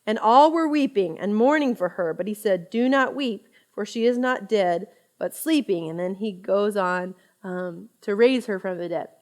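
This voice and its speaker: A woman in her thirties giving a conversational Bible study talk, chatty and expressive, often laughing as she teaches. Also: medium pitch, moderate pace, hardly any pauses.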